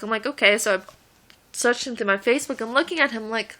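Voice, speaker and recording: A woman's voice: a little high, a little fast, pauses often, bright, forceful tone. A woman in her late teens telling stories in a rambling, giggly vlog, laughing often as she talks. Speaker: vlogger. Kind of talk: casual storytelling vlog.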